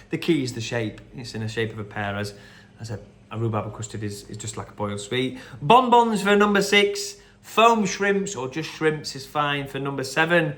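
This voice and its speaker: A man's voice: medium pitch, a bit bright. A man hosting a quiz, going over the answers in a chatty, rambling way with lots of fillers. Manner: chatty and rambling, with fillers and quick quote impressions. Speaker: quiz host. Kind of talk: casual quiz answer run-through.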